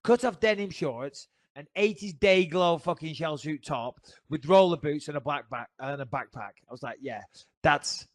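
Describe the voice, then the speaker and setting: A man's voice: fairly high pitch, moderate pace, no room sound. A middle-aged man with a Northern English accent, co-hosting a casual podcast chat and telling profane, joking stories. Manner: profane, storytelling banter. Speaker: podcast co-host.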